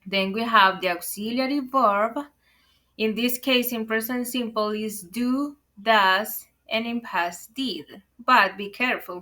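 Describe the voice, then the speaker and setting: Slow, bright-voiced woman teaching English. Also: mid-range voice, low-quality recording. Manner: careful explanations, repeated warnings to be careful; addresses viewers as guys. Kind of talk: online language lesson.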